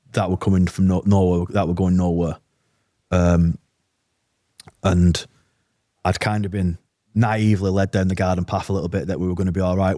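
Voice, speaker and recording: A man's voice: deep voice, a little mellow, dry recording, studio quality. A British man, an army veteran, telling a war story bluntly with swearing and quoted dialogue in a casual podcast interview.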